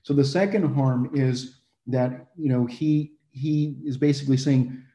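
Man, Bible teaching, casual, restarts and fillers, dark warm tone, roomy echo. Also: medium pitch, unhurried. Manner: conversational, many fillers and restarts.

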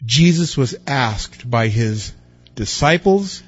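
A man's voice: mid-range voice, expressive, slow pace, breathy edge, highs cut off. A man preaching a sermon in a conversational way, asking his listeners rhetorical questions and stressing words. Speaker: pastor.

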